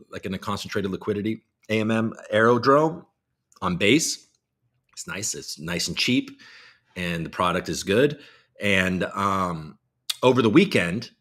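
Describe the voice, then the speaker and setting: Profane, bright-voiced man riffing on markets. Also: low-pitched. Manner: profane, rambling, reads headlines aloud and reacts. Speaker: crypto show host. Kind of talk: casual live-stream commentary.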